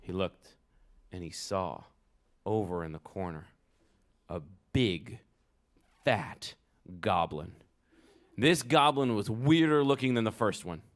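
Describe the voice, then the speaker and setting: A man's voice: lowish voice, lively intonation, slow, pauses often. A man reading a picture book aloud to children at a live event, playful and asking the kids for details.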